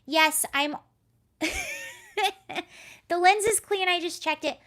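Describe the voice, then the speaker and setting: A woman's voice: extremely high pitch, moderate pace, fairly bright tone. A woman hosting a live stream from home, rambling casually, telling a story and reading comments from chat. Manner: chatty, rambling, reads chat aloud. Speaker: livestream host.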